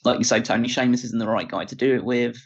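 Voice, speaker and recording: A man co-hosting a casual chat show, picking his words slowly and often starting over. His voice sits at an ordinary middle pitch. The audio is dull and lo-fi. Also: steady tone, breathy edge. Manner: hesitant, restarts often, measured opinions. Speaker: podcast co-host. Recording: dull lo-fi sound.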